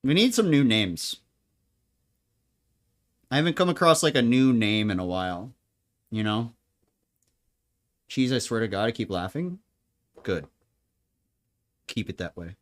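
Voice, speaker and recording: A man talking loosely while he cooks at home, drifting between thoughts with jokes and frequent laughter. His voice sits at a middle pitch, and his delivery is casual and unscripted. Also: lively intonation, unhurried, long pauses. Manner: rambling, joking, laughs often. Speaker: home cook. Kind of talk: casual chat while cooking. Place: home kitchen.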